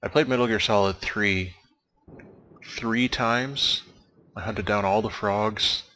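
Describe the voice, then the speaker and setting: A young man with a fairly low voice rambles slowly as a let's play commentator over game credits, cracking wry, dry jokes and drifting into asides. Background noise can be heard.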